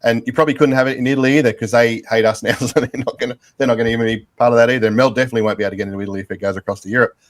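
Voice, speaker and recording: A man's voice: medium pitch, steady tone. A man from England hosting a football podcast, joking and bantering as he throws questions to his guests. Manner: jokey, bantering, moves quickly between questions. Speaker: podcast host. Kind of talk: casual football chat.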